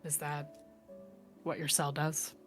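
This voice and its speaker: A woman's voice: low-pitched, level tone, takes it slowly, faint music behind. A woman playing a character in a tabletop role-playing game, casual and dry. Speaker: player.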